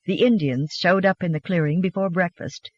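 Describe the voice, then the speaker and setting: An audiobook narrator reading a romance novel in an expressive, gently animated storytelling manner. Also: mid-range voice, normal speed, no echo, dull audio.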